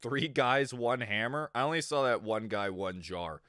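A man's voice: medium pitch, normal speed, sharp tone, clear, resonant tone, dry recording, studio quality. A man streaming live, chatting casually with viewers in a crude, rambling way and often laughing. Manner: talks to chat viewers. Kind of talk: casual livestream chat.

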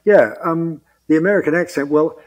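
A man with a New Zealand accent, a guest actor in a casual interview, who talks with dry self-mocking humour and halting restarts. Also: fairly high pitch, darkish tone.

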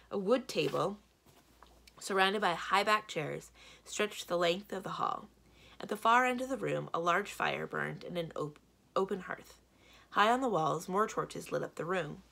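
A woman librarian reads a children's novel aloud in a steady storytelling manner. Her voice is low and gravelly with a slightly husky edge. Her pitch moves a lot, rising and falling as she tells the story. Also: moderate pace. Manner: steady storytelling, varied delivery. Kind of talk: children's book read-aloud narration.

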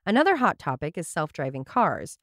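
A woman's voice: low voice, big pitch swings, a little fast, fairly bright tone, no echo. A woman hosting a casual podcast, telling stories with dry, sarcastic asides. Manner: wry, sarcastic asides while reading a story. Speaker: podcast host.

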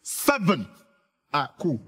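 A man with a London accent, excitably rambling in slang in a comedy mockumentary, husky voice. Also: fairly high pitch, measured pace. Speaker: comic character in a mockumentary.

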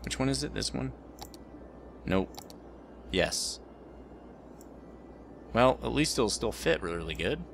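A man's voice: medium pitch, animated, a little slow, creaky, pauses often, noisy background. A man rambling through let's play commentary as the host of a gaming channel, joking about his own mistakes.

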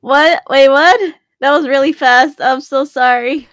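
A woman's voice: high-pitched, a little slow, fairly bright tone, no room sound. A woman joining a voice chat who talks in a flustered way and keeps apologizing. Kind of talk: casual voice chat. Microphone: home mic over laggy voice chat.

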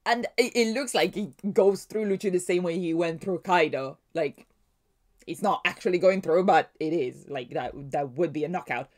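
A woman talking through her reaction to a comic chapter, excitable and thinking aloud, laughing often and restarting her sentences. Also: lowish voice, moderate pace. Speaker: manga reaction vlogger.

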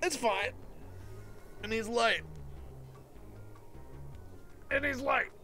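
A man hosting a let's play video, talking through the game as he plays. He is excitable and swings from loud squeals to muttered asides. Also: very high-pitched, drawn-out words, soft background music. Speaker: gaming channel host.

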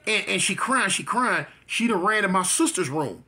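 A man's voice: high voice, expressive, moderate pace, pushed and bright, slightly rough. A man casually telling a personal life story, repeating phrases and acting out sounds as he goes. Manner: vivid storyteller who repeats phrases and mimics gunshots.

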